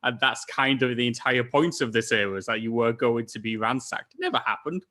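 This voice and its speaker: A man's voice: mid-range voice, brisk, bright, forceful tone. A man with an Irish accent, co-hosting a casual podcast chat and telling stories in a wry, laughing, exasperated way. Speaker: podcast co-host.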